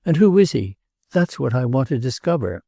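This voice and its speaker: Tormented jealous prince in a storybook, high-strung and pleading, dark gravelly tone, as a male reader does him. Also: normal speed, no room sound, clean studio sound, full character voice. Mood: agitated. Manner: excited, pleading, repeats himself. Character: jealous agitated nobleman, tormented.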